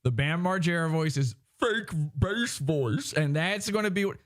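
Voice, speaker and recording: A man's voice: fairly high pitch, normal speed. A man hosting a livestream podcast, ranting in a mocking way and slipping into impressions. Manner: animated, mocking, slips into impressions. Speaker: podcast host.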